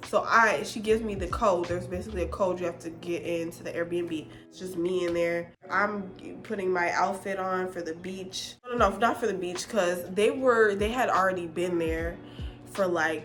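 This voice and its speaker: Animated woman telling a storytime. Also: on the low side, normal speed, soft background music. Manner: animated, expressive, swearing. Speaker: vlogger. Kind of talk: storytime vlog.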